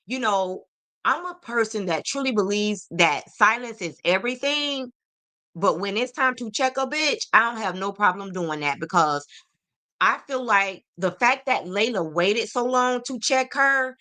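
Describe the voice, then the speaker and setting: A woman's voice: medium pitch, lively intonation, measured pace, sharp tone. A woman hosting a celebrity gossip podcast, sassy and opinionated, talking straight to her viewers. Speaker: podcast host.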